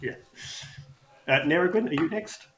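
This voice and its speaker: A man's voice: a little high, lively intonation, normal speed, fairly bright tone. A man narrating a tabletop game as game master, descriptive, with frequent ums. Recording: echoey room.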